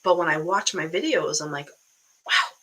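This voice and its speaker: A woman with a Boston accent giving blunt, animated motivational talk to camera as an online business coach, often tagging her points with "right?". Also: fairly low pitch, a little fast, slight background noise, low-quality recording.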